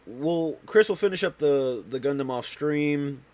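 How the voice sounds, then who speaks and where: A man's voice: a little high, measured pace, a little mellow. A man hosting a casual home livestream, stuffy and out of breath, talking in a tired, rambling way full of fillers and restarts. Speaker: livestream host.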